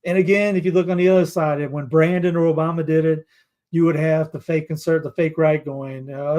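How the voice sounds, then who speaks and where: Male host, casual headline commentary, rambling delivery, voice a touch high. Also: flat delivery, brisk, darkish tone. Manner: rambling, with restarts and asides. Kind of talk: casual news commentary, reading headlines aloud.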